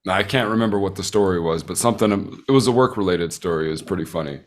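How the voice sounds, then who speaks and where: A middle-aged man hosting a casual podcast chat, asking relaxed, curious questions and swearing casually. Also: deep voice, fast. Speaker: podcast host.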